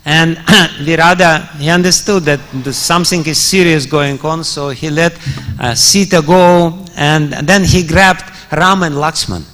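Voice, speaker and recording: Male preacher, storytelling sermon, bright tone, chuckles, long reverb. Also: fairly high pitch, steady tone, unhurried. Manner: chuckles often, many fillers. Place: large temple hall.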